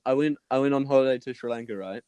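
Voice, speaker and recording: A man's voice: mid-range voice, fast, darkish tone, clear, resonant tone, dry recording. A young man with a New Zealand accent telling jokey stories in casual podcast chat. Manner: wry, joking storyteller. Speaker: podcast co-host.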